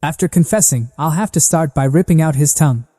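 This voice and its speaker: A man's voice: a little high, fairly quick, mellow, big-room sound, close to an everyday voice. A man voicing a stern, powerful duke who is a protective father.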